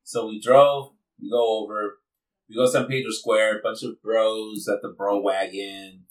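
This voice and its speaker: A man tells a story in loose, profane, animated chat and drops Spanish words into his English. He sits some way from the microphone. His voice rings in an echoey room. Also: on the low side, a little slow. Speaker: podcast guest telling a story. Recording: echoey room, distant mic.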